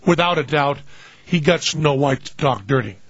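A man's voice: a little high, lively intonation, normal speed, breathy edge, no echo, dull audio. An older man rambling through a funny anecdote in casual chat, often laughing as he talks. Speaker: guest storyteller.

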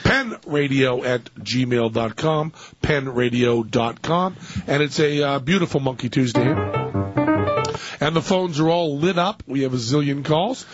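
A man hosting a radio talk show, excitable and gleeful, often stammering and restarting. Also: mid-range voice, unhurried, soft background music. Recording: dull lo-fi radio broadcast.

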